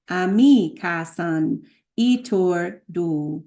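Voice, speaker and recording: A woman teaching a spiritual practice, slowly chanting and repeating sacred sound names, with light laughs at her own slips. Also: fairly low pitch, darkish tone. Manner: chants tone names slowly, then explains briskly. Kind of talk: chanting lesson.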